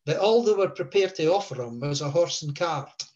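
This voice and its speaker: A man's voice: a little high, animated, normal speed, a little mellow, highs cut off. A man, a guest telling a long story in a rambling way with many fillers. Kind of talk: relaxed storytelling.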